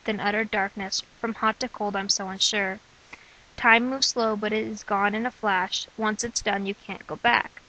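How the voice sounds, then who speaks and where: A young woman reading her own letters, prayers and poems aloud in an earnest, measured way. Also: mid-range voice, sharp tone, poor audio. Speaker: person sharing her own testimony.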